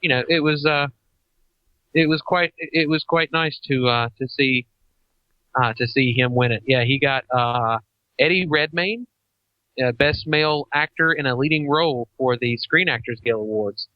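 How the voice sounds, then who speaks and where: A man co-hosting a casual podcast, talking in a relaxed, halting way. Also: medium pitch, dry recording, dull audio. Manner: relaxed, halting, with frequent restarts and fillers. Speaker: podcast co-host. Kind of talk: casual chat.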